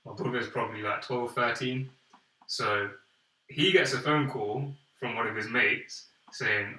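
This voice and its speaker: Young male podcast co-host, bright tone, lively storyteller doing the voices, roomy echo, distant mic. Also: mid-range voice, a little slow. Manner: animated storyteller, acts out quoted voices. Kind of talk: casual storytelling chat. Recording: echoey room, off-mic.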